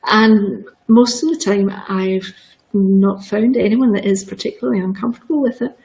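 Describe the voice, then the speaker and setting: A woman's voice: mid-range voice, steady tone, normal speed, a little mellow, rough recording. A middle-aged woman telling personal stories in an open, emotional way, often repeating words. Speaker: guest. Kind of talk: candid personal storytelling.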